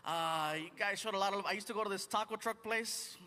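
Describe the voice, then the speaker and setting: A male stand-up comedian performing on a large theater stage, chatty and animated as he acts out voices. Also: high voice, quick pace, long reverb tail. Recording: live theater with crowd noise.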